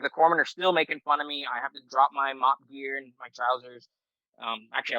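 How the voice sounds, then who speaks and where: A middle-aged Marine veteran telling a story as a podcast guest in a loose, profane, rambling way with many fillers. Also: male voice, mid-range voice, pushed and bright, dry recording, poor audio. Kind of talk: casual storytelling.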